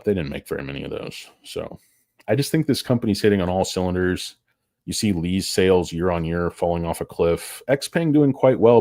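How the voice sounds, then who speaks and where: A man's voice: low voice, darkish tone, dry recording, studio quality. A tired man hosting a stock market show, rambling through casual, profane, joking commentary that wanders off topic.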